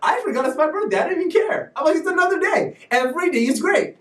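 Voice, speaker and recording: A man hosting a live stream show, talking in an animated, preachy way with sudden loud bursts. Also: very high voice, quick pace, roomy sound, far from the mic. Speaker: show host. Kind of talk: energetic live-stream talk.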